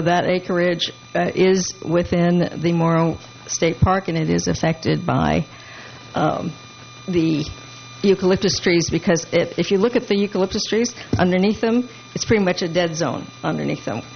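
A woman council member giving a halting report at a public meeting, with many fillers and restarts. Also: fairly low pitch, gravelly. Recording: muffled meeting room audio with hum.

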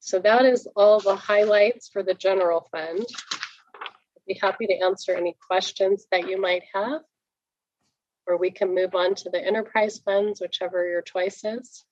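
A woman on staff presenting a budget report to a board at a public meeting, brisk and explanatory, with frequent fillers. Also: medium pitch, fairly even intonation, a little mellow, lo-fi sound.

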